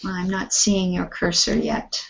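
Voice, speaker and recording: A Canadian woman takes an online English class through its vocabulary, slowly and patiently. She sounds out each word with care and encourages her students. The call audio is dull and lo-fi. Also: lowish voice, monotone. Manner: encouraging, models words carefully. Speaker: English teacher. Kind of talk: online language lesson. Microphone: video call.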